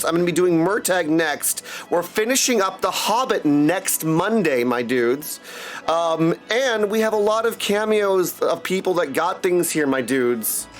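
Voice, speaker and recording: A man chatting excitably with his viewers on a live stream, full of catchphrases. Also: sits high. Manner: excitable, chatty, keeps saying my dudes. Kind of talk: casual live-stream chat.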